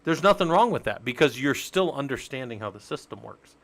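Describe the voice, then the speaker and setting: A man's voice: medium pitch, lively intonation, fairly quick, fairly bright tone. A man teaching networking on a casual live stream, explaining step by step and joking with his viewers. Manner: chatty, explains step by step, jokes with chat. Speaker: live-stream Linux instructor.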